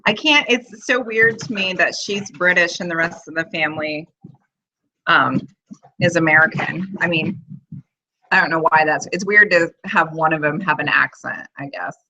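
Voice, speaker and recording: A woman in her thirties chats and rambles through a casual live video chat from home, leaning heavily on fillers. She has a deep voice with a sharp tone at a moderate pace, with a little hiss or hum in the background.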